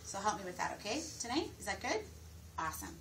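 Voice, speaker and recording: A woman's voice: medium pitch, sing-song, fast. A middle-aged woman giving a sales training talk, enthusiastic and often asking her audience questions. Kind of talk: sales training talk with role-played pitch. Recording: distant mic with faint room noise.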